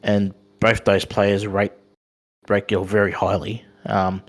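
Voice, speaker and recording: An Australian man co-hosting a casual podcast chat, speaking haltingly with many ums and restarts. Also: on the low side, completely flat delivery. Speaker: podcast co-host.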